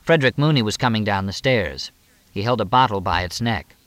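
A man reading an audiobook, narrating in a steady, even storytelling manner. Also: fairly low pitch, a little fast, no echo. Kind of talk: scripted narration.

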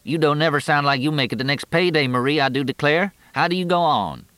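A man's voice: on the high side, quick pace, fairly bright tone, no echo, voice pushed up, lightly acted. A man voicing a grumbling, needling middle-aged undertaker in a storybook reading.

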